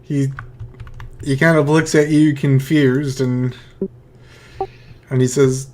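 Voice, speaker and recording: A man acting as game master, narrating a tabletop game in a halting way, often repeating words. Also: mid-range voice, little pitch movement, a little mellow, a little hiss or hum.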